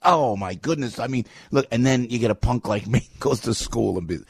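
A man hosting a talk radio show, giving a fired-up, rambling opinion monologue that swings from loud outbursts to low asides. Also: moderate pace, creaky, husky, no room sound, clean studio sound.

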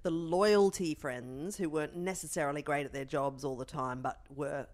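Low-voiced chatty woman. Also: moderate pace, a little mellow. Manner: chatty, self-mocking, with filler ums. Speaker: podcast co-host. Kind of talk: casual chat.

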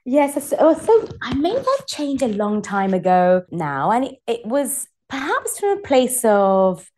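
A woman's voice: a little high, huge pitch swings, a little slow, a little mellow. A woman guest on a podcast, a former doctor turned meditation teacher, answering thoughtfully and weighing her words. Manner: reflective, weighing her words with small restarts. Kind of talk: casual podcast interview.

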